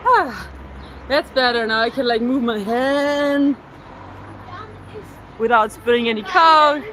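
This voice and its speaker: Walking through Berlin's streets with her phone on a selfie stick, a German livestreamer from the city chats casually with viewers in a German accent, leaning heavily on "like." She speaks slowly in a slightly high, somewhat bright voice. The audio is poor, and faint traffic and street sounds carry in the background.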